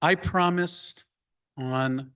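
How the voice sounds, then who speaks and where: A man, a rabbi, giving a slow, deliberate report and story to his congregation at an annual meeting. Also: fairly high pitch, fairly bright tone, clean tone. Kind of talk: congregational address. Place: room filled with people.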